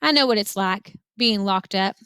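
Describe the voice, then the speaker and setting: A woman reading the lines of a shy, awkward grown man who works in a pet shop, in a children's storybook, speaking softly and haltingly. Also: medium pitch, smooth, no echo, studio quality, lightly acted.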